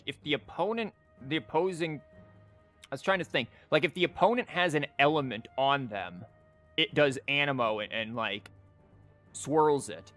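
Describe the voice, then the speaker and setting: A man's voice: mid-range voice, a bit bright. A man chatting casually on a live stream as he thinks aloud, rambling and packing his talk with "like" and restarts. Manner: rambling, filler-heavy, full of "like" and restarts. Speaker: streamer and teacher. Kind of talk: casual live-stream chat while theorycrafting. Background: faint music.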